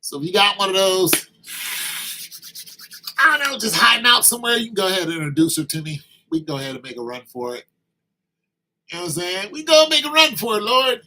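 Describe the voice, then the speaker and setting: A man's voice: high voice, fast, long pauses, sharp tone, slight background noise, rough recording. A man vlogging a rambling, teasing comic monologue that turns to preachy advice.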